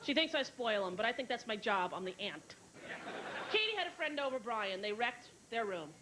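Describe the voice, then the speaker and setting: A woman's voice: fairly high pitch, big pitch swings, normal speed. A woman in her thirties doing a stand-up comedy routine before a live audience, brashly telling family stories and acting out her relatives. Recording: noisy VHS tape, loud audience laughter. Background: audience laughter.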